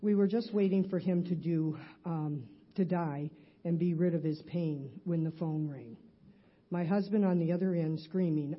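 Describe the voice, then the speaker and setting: A middle-aged woman in a church, earnestly reading her personal testimony aloud, halting at times with restarts. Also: fairly low pitch, dull audio. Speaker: church member giving a testimony.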